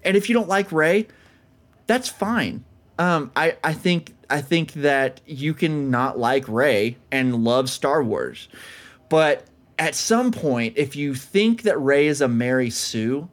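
A man's voice: fairly high pitch, lively intonation, slow. A man co-hosting a podcast, chatting casually and enthusiastically about films, often calling his friend dude. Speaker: podcast co-host.

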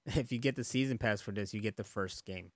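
A man co-hosting a podcast, chatting in a relaxed, rambling way with frequent laughs and casual swearing. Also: lowish voice, quick pace, no echo, clean studio sound. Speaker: podcast co-host. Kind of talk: casual chat.

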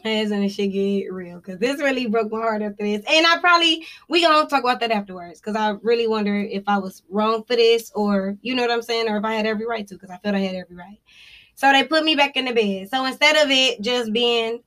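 A woman with a high-pitched voice tells a personal story on a podcast. Her tone is bright and clear, and she is loose and profane. She keeps it animated and full of laughter. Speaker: podcast co-host. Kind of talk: casual storytelling chat.

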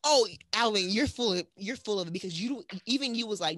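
A woman co-hosting a podcast, chatting casually and telling animated stories with frequent laughter. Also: medium pitch, quick pace. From USA. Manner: animated storytelling, laughs often. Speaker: podcast co-host. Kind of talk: casual chat.

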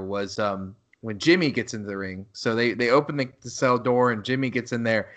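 This podcast co-host talks fairly quickly in a medium-pitched, slightly bright voice. His casual chat is loose, rambling, and full of profanity, and he performs quoted lines loudly, laughing at them himself.

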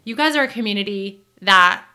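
A woman's voice: mid-range voice, expressive, a little fast. A woman co-hosting a faith podcast, talking casually and earnestly with lots of filler words. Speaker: podcast co-host.

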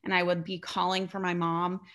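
A young woman with a fairly low voice hosts a casual podcast chat. She tells her stories in an animated, rambling way, full of fillers. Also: brisk. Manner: chatty, animated storytelling with many fillers. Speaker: podcast host.

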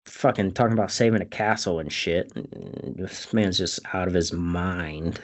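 A man's voice: sits low, normal speed, background noise. A man hosting a podcast, recapping a film in casual, profane chat and acting out the characters' lines. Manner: swears freely, acts out characters' lines.

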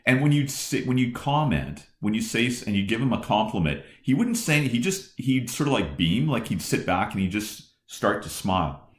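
A man in his fifties hosts the conversation. His voice is deep and he tells his story with lots of starts and restarts. The room around him adds a noticeable echo. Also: moderate pace. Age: 50s. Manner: animated storyteller with many restarts. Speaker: podcast host and former football coach. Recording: roomy echo.

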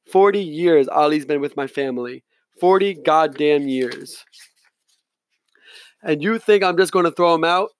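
A man voicing a proud, quick-tempered father who speaks curtly through clenched teeth. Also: fairly high pitch. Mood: angry. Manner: curt, angry, clenched teeth.

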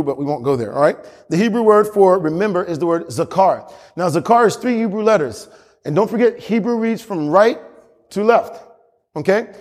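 A man's voice: sits high, a little mellow. A male pastor preaching a sermon with emphatic repetition and frequent chuckles. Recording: long hall reverb.

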